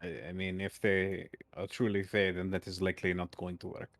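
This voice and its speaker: A man's voice: deep voice, little pitch movement, brisk, gravelly, no room sound. A man asking hesitant questions as a player in a tabletop game.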